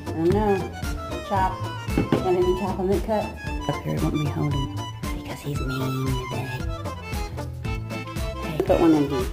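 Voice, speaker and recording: A woman with a low, steady voice talks unhurriedly to her pet parrot, leaving long pauses as music plays in the background. She coaxes and scolds the bird with exasperated, sing-song remarks, slipping into a baby voice.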